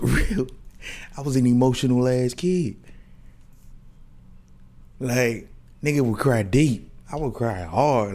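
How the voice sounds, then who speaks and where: A man's voice: medium pitch, mellow. A man in his thirties hosting a podcast, telling loose, slangy stories with many restarts and asides. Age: 30s. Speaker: podcast host. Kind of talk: casual monologue.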